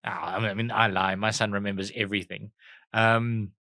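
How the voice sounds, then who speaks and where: Bright, joking South African man. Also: fairly low pitch, normal speed, dry recording. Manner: joking, animated, self-mocking asides. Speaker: podcast co-host. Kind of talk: casual comedic chat.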